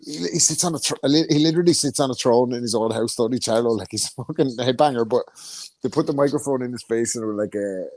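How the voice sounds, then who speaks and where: A man's voice: fast, darkish tone, no echo. A man, co-hosting a casual boxing chat, telling stories with lots of swearing and putting on voices of fighters. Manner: sweary storytelling, mimics fighters in higher voices. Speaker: podcast co-host.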